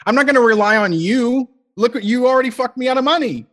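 A man's voice: very high voice, quick pace, fairly bright tone. A man co-hosting a casual chat show, ranting in a heated way and swearing freely. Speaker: podcast co-host.

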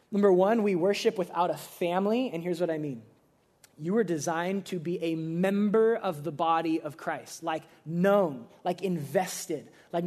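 High-voiced young man preaching casually. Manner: casual, animated preaching with playful mock-quotes. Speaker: pastor. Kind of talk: sermon.

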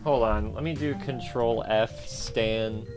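A man's voice: mid-range voice, slow pace, darkish tone, faint music behind. A man chatting casually about movies, rambling with many filler words. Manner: rambling, heavy use of "like" fillers. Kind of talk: casual chat.

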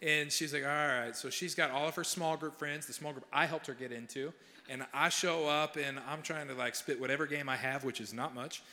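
Animated young male pastor in a hall. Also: on the high side, brisk. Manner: animated, self-mocking humor. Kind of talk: sermon with personal storytelling. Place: large church hall.

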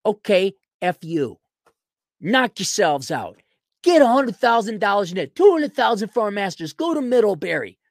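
A man hosting a podcast, delivering a blunt, mocking solo rant and often clearing his throat. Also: sits high, very animated, normal speed, no echo, clean studio sound. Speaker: podcast host. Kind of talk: ranting solo commentary.

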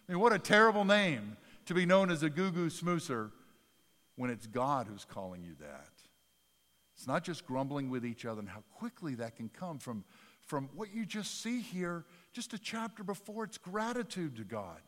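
A man preaching a sermon in a church sanctuary, animated, with folksy, self-deprecating humor. His delivery swings from soft asides to loud, emphatic bursts. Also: mid-range voice, moderate pace, big-room sound. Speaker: pastor.

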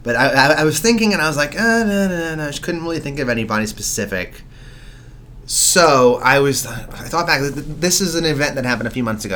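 A man's voice: medium pitch, fairly bright tone, a little hiss or hum. Swearing man telling a casual story. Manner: profane, storytelling with frequent restarts. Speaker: podcast co-host. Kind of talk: casual chat.

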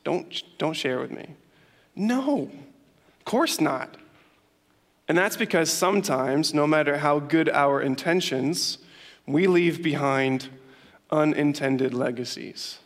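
Young male youth pastor preaching in a reverberant hall. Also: fairly high pitch. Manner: storytelling, laughs often, lively emphasis. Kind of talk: sermon. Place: church hall with long reverb.

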